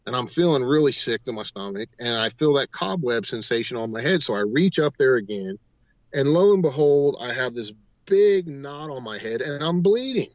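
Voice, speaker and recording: Man, radio guest, rambling storyteller, mid-pitched voice, dull lo-fi sound. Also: expressive, normal speed, dry recording. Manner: rambling storyteller, strings clauses with "and". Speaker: paranormal investigator, radio guest. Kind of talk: telling a story on a talk radio show. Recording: dull, dry lo-fi audio.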